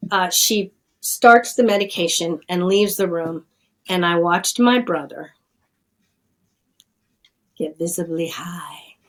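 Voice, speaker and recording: A woman's voice: on the low side, unhurried, low-quality recording. A middle-aged woman scientist telling her story in a plainspoken, earnest way during an interview. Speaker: addiction scientist, guest. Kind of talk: conversational storytelling.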